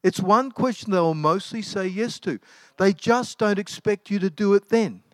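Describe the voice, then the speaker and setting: A man's voice: high voice, moderate pace, no room sound. A middle-aged man, preaching a sermon in a casual, storytelling way with many fillers and restarts. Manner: anecdotal, conversational, with many ums and restarts.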